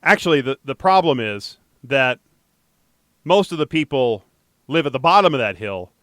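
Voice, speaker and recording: A man hosting a casual podcast, reading news items and riffing on them in an animated, jokey way. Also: medium pitch, normal speed, no echo, studio quality. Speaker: podcast host.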